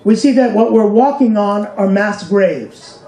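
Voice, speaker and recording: A man's voice: high voice, measured pace, warm tone, echoey room, rough recording. A man telling a personal story in an emotional public speech, asking the audience rhetorical questions and pointing to pictures. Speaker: speaker at a commemoration event. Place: hall with an audience.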